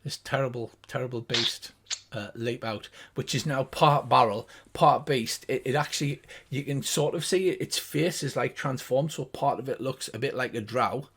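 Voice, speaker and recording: A man's voice: mid-range voice, normal speed, fairly bright tone, breathy edge. Older man narrating as game master. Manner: vivid descriptive narration with fillers.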